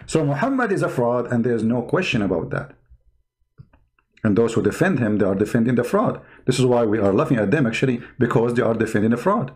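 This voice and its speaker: A man's voice: medium pitch, animated, fairly quick, darkish tone. A man giving mocking, emphatic commentary on video clips as a show host.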